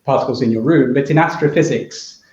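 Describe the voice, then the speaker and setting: A man's voice: mid-range voice, brisk, darkish tone. A man with a British accent giving a physics workshop lecture, thinking aloud with many restarts and quizzing the audience. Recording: echoey, dull hall recording from far off.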